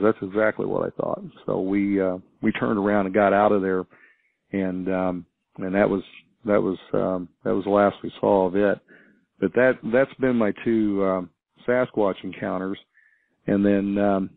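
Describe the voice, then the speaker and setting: A caller from a small farm town phones a radio show and tells a story in a rambling, hesitant way, restarting often. His voice is fairly low, creaky, and unhurried with fairly even intonation, heard over a tinny, dry phone line.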